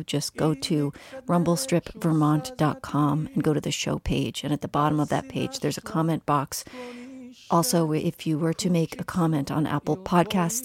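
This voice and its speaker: A woman's voice: low-pitched, darkish tone. A woman podcast host reading the show's outro and announcements in a plain, friendly way.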